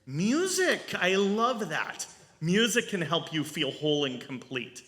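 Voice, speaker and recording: Man, rabbi, storytelling sermon, high bright voice, animated, lively pitch swings, long hall reverb. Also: slow pace. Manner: animated, asks the audience questions. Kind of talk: storytelling sermon at a family service. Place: synagogue sanctuary.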